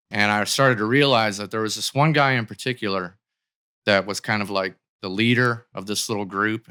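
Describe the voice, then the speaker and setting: A man's voice: lowish voice, sharp tone, clear, resonant tone. A man as a podcast guest, telling a long personal story in casual conversation, with many likes and restarts.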